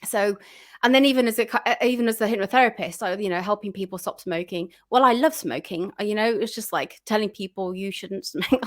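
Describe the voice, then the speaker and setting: A woman's voice: medium pitch, lively intonation, fairly quick. A woman guest chatting casually in an interview, full of fillers and restarts, acting out her own reactions.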